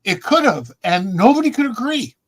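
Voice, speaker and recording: A man's voice: very high-pitched, sing-song, moderate pace, low-quality recording. A man in his seventies, a podcast host telling a long rambling anecdote in casual chat, with repeats and restarts. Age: 70s.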